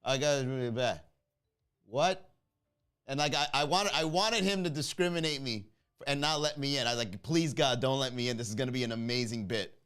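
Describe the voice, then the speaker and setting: A man hosting a comedy podcast, telling a story in a casual, animated way, acting out the people in it and laughing at his own jokes. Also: normal speed, clear, resonant tone. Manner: animated, acts out quoted voices with big pitch jumps.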